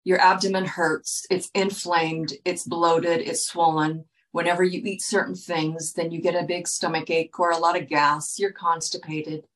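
A woman's voice: lowish voice, little pitch movement, measured pace, few pauses, a bit bright, poor audio. A woman talking straight to her viewers in an earnest, lecturing way, often checking in with "okay?". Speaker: wellness speaker. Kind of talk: direct-to-viewer talk.

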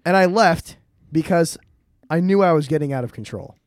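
A man's voice: on the high side, normal speed, no echo, studio quality. Rambling young man telling a story. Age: young adult. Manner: rambling, animated, swears often. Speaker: podcast co-host. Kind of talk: casual storytelling chat.

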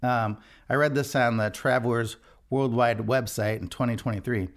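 His medium-pitched voice stays fairly even at a normal pace as he hosts a devotional podcast. He's a worship leader who talks earnestly and conversationally, often beginning sentences again.

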